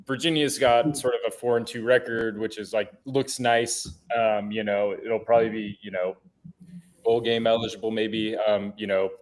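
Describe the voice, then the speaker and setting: A man's voice: mid-range voice, low-quality recording. A man on a sports betting podcast panel, talking loosely about point spreads, with lots of fillers and repeated words. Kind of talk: casual sports analysis chat.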